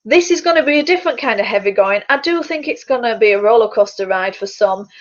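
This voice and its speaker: A woman with a somewhat high voice talks casually into her computer mic, chatty and a bit rambling, tripping over the odd word. The sound is dull and lo-fi, like a video call from a small, quiet bedroom. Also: lively intonation, fast. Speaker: fitness coach and public speaker. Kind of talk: casual chat to webcam. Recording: dull lo-fi webcam audio.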